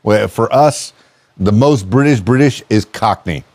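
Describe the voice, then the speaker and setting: A man's voice: lowish voice, a little slow, darkish tone, no echo. A middle-aged American man hosting a casual podcast interview, curious and rambling, often restarting his sentences. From United States. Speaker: podcast host.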